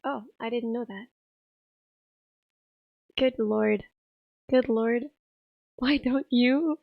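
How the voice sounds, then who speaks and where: Hoarse, raspy young woman streaming. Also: high-pitched, no room sound, dull audio. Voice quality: rough, raspy voice. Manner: chatty, giggly, reads chat aloud. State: hoarse, tired voice. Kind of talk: casual live-stream chat.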